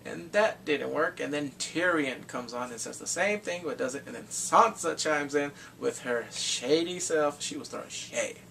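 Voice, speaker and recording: A man giving an excitable, casual spoken review of a TV episode, swinging from mumbles to shouts. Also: a little high, moderate pace, gravelly, few pauses, distant mic, a little hiss or hum.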